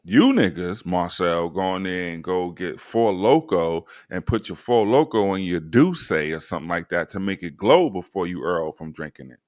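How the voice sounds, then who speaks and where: A man with a very deep, low voice hosting a casual stream chat. He talks in a laid-back, slangy, joking way. The sound is close and dry, with no room echo. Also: expressive, moderate pace, hardly any pauses, darkish tone. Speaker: podcast host. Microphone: remote stream mic.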